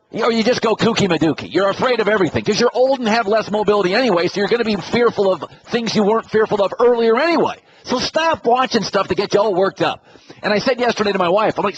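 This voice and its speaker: A man's voice: sits high, expressive, fairly quick, muffled recording, a little hiss or hum. A man hosting a radio talk show in a casual monologue, blunt and opinionated, lecturing his listeners. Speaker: radio host.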